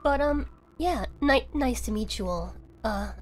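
A woman's voice: on the high side, expressive, a little slow, a little hiss or hum. A young woman with a British accent chatting playfully with her viewers on a live stream, often laughing. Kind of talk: casual live-stream chat.

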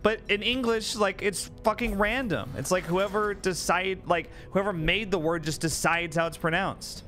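A man's voice: sits high, moderate pace, fairly bright tone, faint music behind. A man streaming a co-op game, chatting casually, rambling and joking with friends and swearing freely. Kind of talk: casual chat while gaming.

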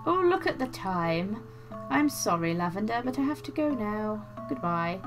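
A caring mother figure, as a woman reads her out speaks calmly in a mid-pitched, motherly voice. Game music runs behind her. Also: moderate pace, lightly acted. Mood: hurried.

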